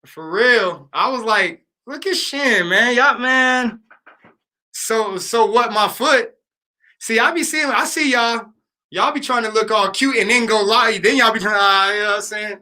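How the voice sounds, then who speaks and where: A man hosts a live stream, chatting playfully with his viewers in slangy, casual talk and responding to the chat. His voice sits high and sounds sharp, at a normal speed.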